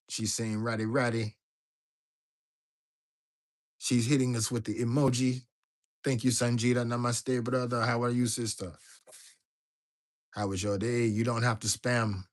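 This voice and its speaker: Chatty man hosting a livestream. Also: mid-range voice. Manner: loose, chatty, talks to viewers directly, reads chat aloud. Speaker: livestream host. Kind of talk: casual livestream chat.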